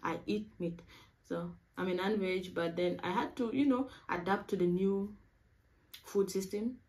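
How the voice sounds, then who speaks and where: Young woman from Africa, student vlogger, quick chatty delivery, mid-range voice. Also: mid-range voice, a little mellow, low-quality recording. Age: young adult. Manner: quick-talking, chatty, says "y'all". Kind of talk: casual chat to camera.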